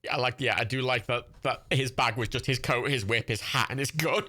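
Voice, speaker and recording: A man's voice: mid-range voice, fairly even intonation, a little fast, hardly any pauses, bright, forceful tone. A man, hosting a livestream and giving casual, rambling watch-party commentary. He swears freely and laughs often. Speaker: livestream host.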